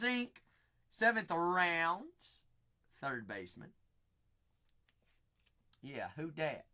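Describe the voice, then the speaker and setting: A man hosting a live card break stream, rattling off buyers' names with playful, sing-song banter and sudden loud bursts. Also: a little high, wildly swooping pitch, drawn-out words, pauses often.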